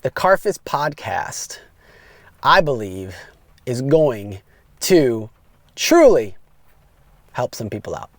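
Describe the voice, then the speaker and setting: A man's voice: mid-range voice, big pitch swings, takes it slowly, pauses often, no room sound, studio quality. Upbeat rambling man in his thirties. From West Allis, Wisconsin, USA. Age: 30s. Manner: upbeat, rambling, talks straight to listeners. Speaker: podcast host. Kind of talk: casual solo podcast monologue.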